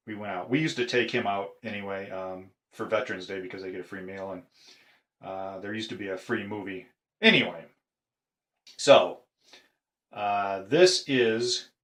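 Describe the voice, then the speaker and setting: A middle-aged man collecting padlocks, talking casually in a show-and-tell video, halting with frequent pauses. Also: lowish voice, fairly bright tone. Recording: echoey room.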